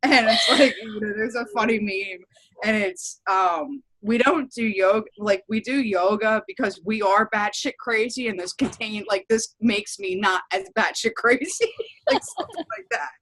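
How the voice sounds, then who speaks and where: A woman's voice: mid-range voice, steady tone, normal speed, fairly bright tone, rough recording. A woman teacher in casual chat, talking in a chatty, laughing and blunt way with frequent swearing.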